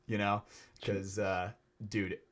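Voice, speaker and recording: A man co-hosting a podcast, telling a story in a lively, profane, casual way. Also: fairly low pitch, takes it slowly. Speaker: podcast co-host. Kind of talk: casual chat.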